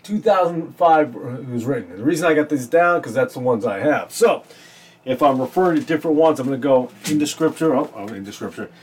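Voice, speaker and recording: A man hosting a casual podcast, comparing Bible verses with a sarcastic edge and reading scripture slowly with stress, in a small room. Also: medium pitch, expressive, breathy edge.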